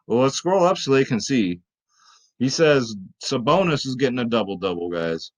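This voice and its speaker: A man's voice: mid-range voice, lively intonation, normal speed, poor audio. A man hosting a casual fantasy sports picks show, chatting loosely to his viewers and swearing freely. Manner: loose, profane, chatty, talks to viewers as "guys". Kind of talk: casual lineup-advice commentary.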